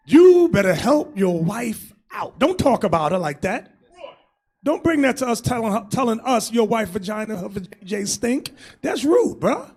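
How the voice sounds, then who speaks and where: High-voiced bishop man, shouting n laughing thru a crude sermon, lots of swings in pitch. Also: slightly rough. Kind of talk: loud crude preaching.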